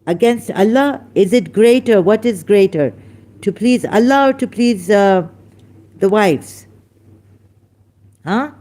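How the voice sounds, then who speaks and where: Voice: mid-range voice, lively intonation, takes it slowly, long pauses, warm tone. A speaker hosting a heated religious debate, scolding a caller with emphatic rhetorical questions and sounding angry. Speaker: online debate host.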